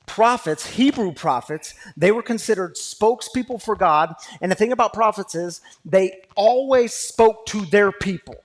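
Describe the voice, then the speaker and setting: A man, pastor of a recovery community, preaching a sermon that moves from quiet storytelling to loud, fervent exhortation. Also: high voice, normal speed, hardly any pauses.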